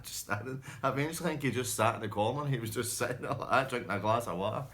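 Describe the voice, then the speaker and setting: Low-voiced storyteller. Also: male voice, fast, hardly any pauses, a bit bright. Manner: rambling, laughing, self-interrupting. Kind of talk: casual anecdote telling.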